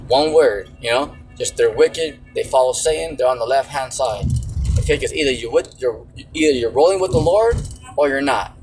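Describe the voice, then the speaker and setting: A man's voice: mid-range voice, moderate pace, background noise. A man preaching in a casual, slangy way, often saying "you know" and "see". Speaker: religious teacher. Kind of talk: informal preaching.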